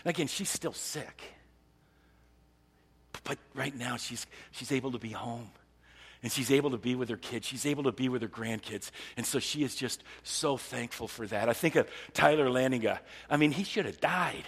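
A man's voice: medium pitch, normal speed, a bit bright, husky, big-room sound. A male pastor preaching a conversational sermon, acting out the psalmist's words with rising emphasis.

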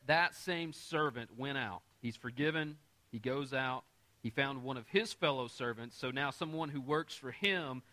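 Bright-voiced man preaching a sermon. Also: medium pitch. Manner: conversational preaching with frequent audience check-ins; explains scripture in everyday terms with light humor. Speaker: pastor.

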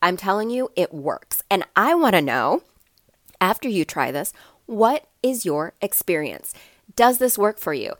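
A woman in her thirties hosting a motivational podcast, with a stuffy, slightly raspy voice and an encouraging way of talking straight to her listeners. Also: medium pitch, big pitch swings, measured pace, no echo, studio quality. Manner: warm encouraging, addresses listeners directly. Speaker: podcast host.

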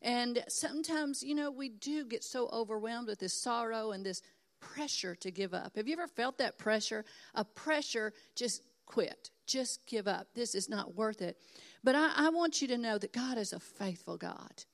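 A woman's voice: a little high, lively intonation, moderate pace. An older woman from Texas preaching a sermon in an earnest, encouraging and emphatic way. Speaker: pastor.

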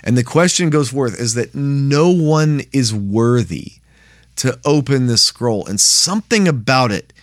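A man's voice: mid-range voice, animated, a little slow, no echo, clean studio sound. A man teaching a Bible study in a plain, conversational way, often checking in with "right?".

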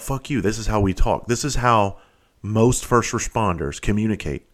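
A man's voice: fairly low pitch, fairly quick. A middle-aged man with a blunt manner, hosting a podcast and telling stories casually, swearing freely and restarting his sentences. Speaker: podcast host. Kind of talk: casual storytelling.

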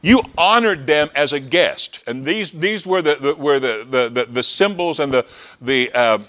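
Male preacher, sermon, excitable, stumbles and restarts, fairly high bright voice. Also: unhurried, dull audio.

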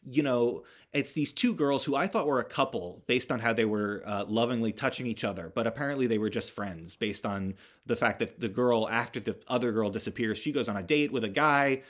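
A man's voice: medium pitch, fairly quick, hardly any pauses. A young man hosting a podcast, recapping a film in a rambling, sardonic way with lots of fillers and restarts, sometimes swearing for emphasis. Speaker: podcast host.

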